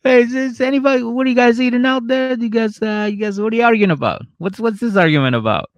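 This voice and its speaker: A man voicing a nosy, chatty body part in a high squeaky voice, for a comedy bit. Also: fast, no echo, highs cut off. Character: man's private part peeking out, nosy and chatty.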